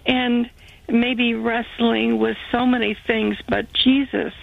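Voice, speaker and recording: Earnest grateful woman calling in, gravelly voice, sounds like a thin phone line. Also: a little high, little pitch movement, takes it slowly, no echo. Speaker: caller. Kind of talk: emotional call-in testimony.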